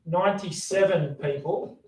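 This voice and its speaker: A man giving a sales training talk, energetic, acting out sample phone calls as he explains. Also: high voice, a little slow. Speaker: sales coach. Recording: roomy echo.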